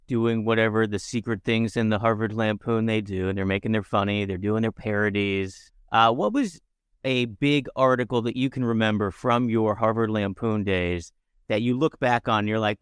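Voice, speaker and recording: A man's voice: on the low side, clear, resonant tone, no room sound, clean studio sound. A man hosting a podcast interview, asking eager, rambling questions. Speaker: podcast host. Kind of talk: interview chat.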